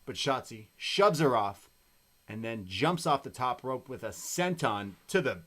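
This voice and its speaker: A man co-hosting a wrestling podcast, recapping the show in casual chat with animated, excitable storytelling. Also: medium pitch, unhurried.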